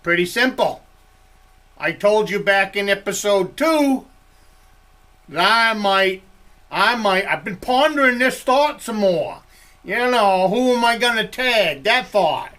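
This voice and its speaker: An older Maine woodsman tells rambling campfire-style stories in a folksy, chuckling way. His voice is high for a man and his pace is slow and drawn out, with a thick Maine accent. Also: lively intonation, pushed and bright. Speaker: woodsman vlogger. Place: log cabin.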